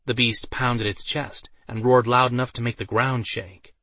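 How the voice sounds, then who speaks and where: A man's voice: medium pitch, little pitch movement, normal speed, bright, forceful tone, dry recording. Man narrating a fantasy audiobook.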